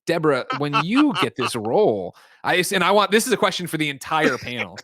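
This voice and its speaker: A man hosting a livestream panel with excitable, fast banter. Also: on the high side, no room sound, clean studio sound. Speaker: host.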